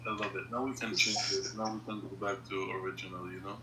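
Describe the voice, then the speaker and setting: A man's voice: low-pitched, level tone, fast talker, reverberant, noisy background. A man co-hosting a casual podcast, talking hesitantly with fillers and asking baffled questions. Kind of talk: casual profane chat.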